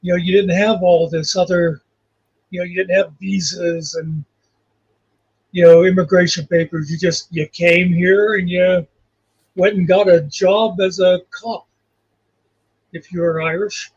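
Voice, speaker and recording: High-voiced husky man rambling on a call. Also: little pitch movement, measured pace, pauses often, darkish tone. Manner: rambling, reflective, repeats "you know". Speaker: guest commentator. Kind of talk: casual livestream chat. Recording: muffled lo-fi call audio.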